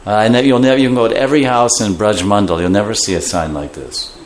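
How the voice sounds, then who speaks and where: A man's voice: lowish voice, fast, slight background noise. A man giving a scripture class, explaining terms and acting out voices. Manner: animated, acts out voices while explaining terms. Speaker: scripture teacher.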